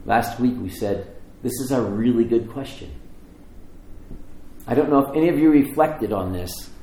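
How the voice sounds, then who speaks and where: Animated male preacher in an echoey room. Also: mid-range voice, normal speed, slight background noise. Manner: animated storytelling, acting out voices in the story. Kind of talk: sermon. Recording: echoey room with faint ambience.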